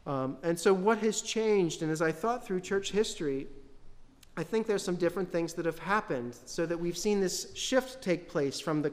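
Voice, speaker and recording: A man giving a sermon as pastor, talking in a conversational way and putting questions to the congregation. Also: fairly high pitch. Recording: long hall reverb.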